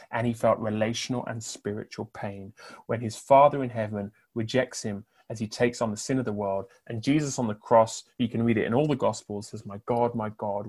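A middle-aged man preaching a sermon with passion, building on rhetorical repetition and swinging between loud declarations and hushed phrases. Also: mid-range voice.

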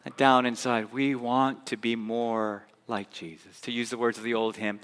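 A man preaching a sermon as pastor, swinging from loud emphatic bursts to soft hushed passages. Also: mid-range voice, level tone, normal speed, clean tone, long reverb tail. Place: church sanctuary.

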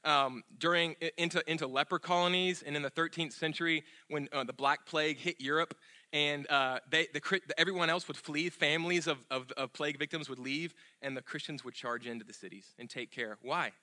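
Bright-voiced man preaching a sermon. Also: a little fast. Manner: earnest, repeats key phrases, drops soft and low on closing lines; fillers and restarts in unscripted stretches. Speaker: pastor.

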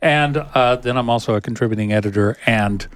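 A man co-hosts a tech show on the radio, talking at a middle pitch into a studio microphone. He is friendly and rambles a little. He often adds wry, self-deprecating remarks. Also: a little fast, no room sound. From Canada. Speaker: regular radio co-host, tech guest. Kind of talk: casual radio chat.

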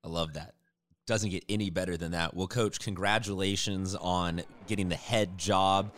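A man's voice: deep voice, normal speed, soft background music. A man hosting a local sports show, chatty and upbeat as he interviews a coach. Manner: chatty, upbeat, animated in sign-off. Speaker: sports podcast host.

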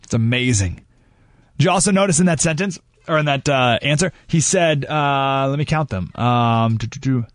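A man's voice: medium pitch, moderate pace, no room sound, studio quality. A man hosting a talk radio show, giving emphatic commentary full of rhetorical questions.

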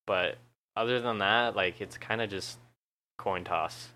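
A man's voice: on the low side, measured pace, pushed and bright. A young man chatting casually on a podcast, laid-back and swearing often, laughing at himself. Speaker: YouTuber and podcast guest.

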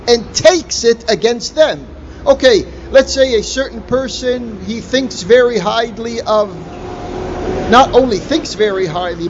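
A man preaching a sermon in a slow, deliberate way, stressing key words with emphatic rises. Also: high voice. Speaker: Islamic preacher. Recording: dull lo-fi recording with faint noise.

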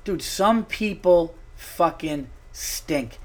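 A male podcast host talking on his own, animated and swearing freely as he gets worked up. His voice sits a little high for a man. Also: moderate pace. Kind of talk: casual solo podcast storytelling.

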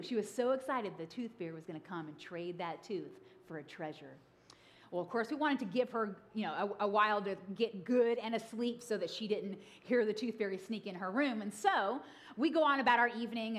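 A woman in her thirties preaching a sermon, telling funny stories and acting out voices. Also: mid-range voice. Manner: lively, humorous, acts out voices. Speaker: pastor. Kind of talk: sermon with storytelling.

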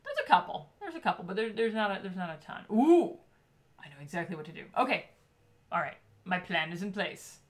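A woman's voice: fairly low pitch, sing-song, brisk. A woman co-hosting a casual podcast chat, playful and teasing with her co-host.

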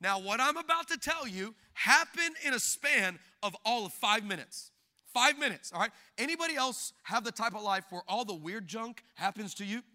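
A man preaching a sermon, telling a funny story in an animated, jokey way and acting out the people in it. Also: sits high, moderate pace. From Hispanic background. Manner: animated, jokey, acts out quoted people with big shifts in loudness. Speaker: pastor.

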